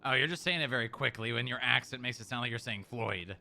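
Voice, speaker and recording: A man's voice: mid-range voice, fast, gravelly, sharp tone. A man in casual roleplay banter, teasing and laughing easily. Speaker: roleplay player, streamer.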